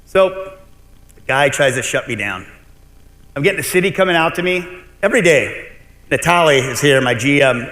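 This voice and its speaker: A man's voice: on the high side, moderate pace, long pauses. Blunt storytelling man in a big hall. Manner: blunt, animated storytelling with profanity. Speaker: keynote speaker, restaurant owner. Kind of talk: conference keynote storytelling. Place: large convention hall. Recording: long hall reverb.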